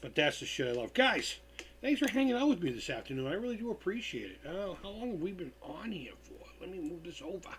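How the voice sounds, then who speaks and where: A man's voice: sits high, sing-song, fast, fairly bright tone. Tired, profane man chatting on a live stream. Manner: loose, profane storytelling. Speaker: livestream host. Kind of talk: casual live-stream chat.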